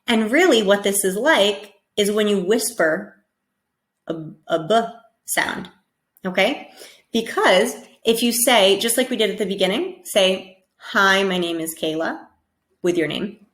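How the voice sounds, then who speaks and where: A woman's voice: mid-range voice, fairly bright tone. American woman, pronunciation teacher, patient and repetitive, echoey room. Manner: patient, repeats sounds slowly and checks in with "okay?". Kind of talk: instructional lesson.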